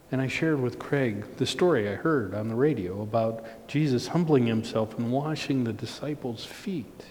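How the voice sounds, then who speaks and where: A man's voice: a little slow, a little mellow. A man preaching a sermon, telling a personal story in an earnest way and building to emphatic points. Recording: long hall reverb, faint low rumble.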